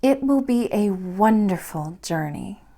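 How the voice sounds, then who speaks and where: A woman voicing a gentle but brave young woman who speaks softly and sweetly. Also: mid-range voice, takes it slowly. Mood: earnest. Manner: soft, sweet and steady.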